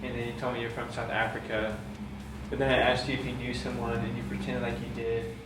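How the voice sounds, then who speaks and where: A man's voice: medium pitch, level tone, fast, distant mic, over music. A young man from the United States telling a story in casual chat, full of "like" and quoting himself. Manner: rambling, fillers like "like", quotes himself. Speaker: vlogger telling how the couple met. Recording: roomy, from off mic, faint hum.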